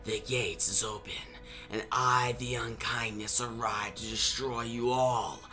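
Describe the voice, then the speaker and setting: A man voicing a dark, menacing sorceress in a low, cold, quiet tone. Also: fairly even intonation, measured pace, faint music behind.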